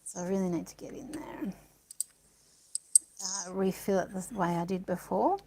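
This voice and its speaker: A woman's voice: on the low side, steady tone, normal speed, vocal fry, mellow, slight background noise, rough recording. Chatty woman thinking aloud while painting. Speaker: art supplies presenter. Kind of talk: casual art demonstration.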